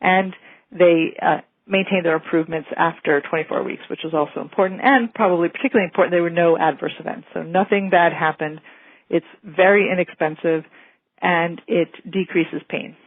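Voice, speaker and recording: Female physician, lecture delivery, calm and explanatory; dry, phone-band audio. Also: lowish voice, a little fast, no room sound, phone-quality sound. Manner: calm, explanatory, gently reassuring. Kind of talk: medical lecture.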